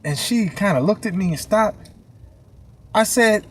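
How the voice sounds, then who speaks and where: Animated man telling a motivational story. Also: high-pitched, unhurried, long pauses, slightly rough, no room sound. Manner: loud, laughing, street slang, acts out quotes. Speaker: motivational speaker.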